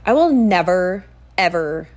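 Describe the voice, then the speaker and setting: A young woman chatting on her own podcast in a loose, animated way. She fills the talk with ums and quick side remarks. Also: fairly low pitch. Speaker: podcast host. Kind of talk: casual solo podcast chat.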